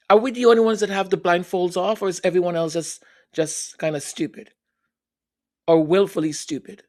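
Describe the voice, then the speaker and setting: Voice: medium pitch, fairly even intonation, moderate pace, darkish tone. A commentary host speaking sarcastically, with emphatic rhetorical questions. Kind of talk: opinion commentary.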